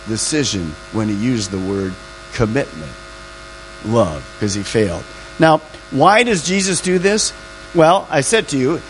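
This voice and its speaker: A man's voice: a little high, slight background noise, low-quality recording. A man pastor preaching a sermon, stretching out key words for emphasis.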